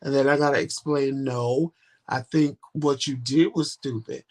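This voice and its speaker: Co-hosting a relaxed couple's chat show, this man talks directly and animatedly, acting out quoted exchanges. His voice is medium-pitched and darkish, with a steady tone and a slightly slow pace.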